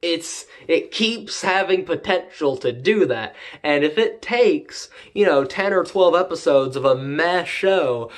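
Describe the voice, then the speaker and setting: A man's voice: a little high, animated, unhurried, hardly any pauses. Blunt, profane man reviewing anime. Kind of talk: casual spoken review.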